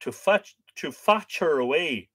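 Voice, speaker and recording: A man's voice: fairly high pitch, animated, measured pace, a bit bright, slightly rough, voice pushed up, full character voice. A man voicing an old male farmhand, putting on a broad, exaggerated country dialect while reading a quoted story aloud. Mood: rustic.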